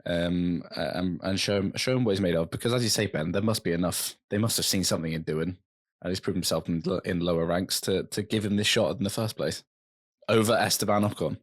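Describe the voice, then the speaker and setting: A man co-hosting a podcast in casual chat, halting and repeating words as he goes. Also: deep voice, dry recording, clean studio sound. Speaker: podcast co-host.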